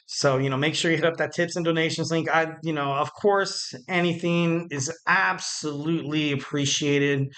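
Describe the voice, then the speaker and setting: A man hosting a wrestling podcast alone, rambling casually with jokes, fillers and quick self-corrections. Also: on the high side, a bit bright. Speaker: podcast host.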